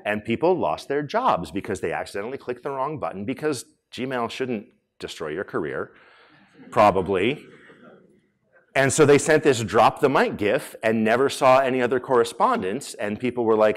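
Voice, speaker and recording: A man in his forties giving a conference talk, animated and joking, with lots of "um" and "like" fillers. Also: mid-range voice, moderate pace. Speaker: conference speaker. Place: conference hall.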